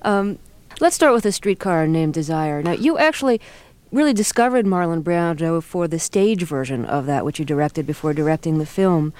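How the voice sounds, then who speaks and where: A woman's voice: deep voice, expressive, normal speed, darkish tone, no echo. A woman hosting a radio interview, asking attentive, curious questions.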